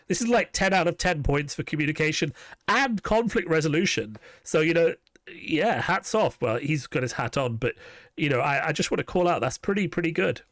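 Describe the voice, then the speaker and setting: A man's voice: fairly high pitch, brisk, a bit bright, no room sound, clean studio sound. A man in casual podcast chat, rambling with self-deprecating asides.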